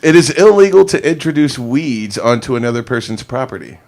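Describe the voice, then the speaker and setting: A man's voice: medium pitch, expressive, a little fast, darkish tone. A man hosting a casual talk show, dry and easygoing, reading out quiz questions. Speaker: host. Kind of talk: casual chat.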